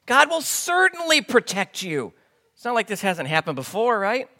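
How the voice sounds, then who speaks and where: A man's voice: sits high, huge pitch swings, normal speed, bright, forceful tone, pitched above the performer's own voice, exaggerated voice. A man voicing an eager adult male disciple, speaking emphatically in a raised, pleading voice.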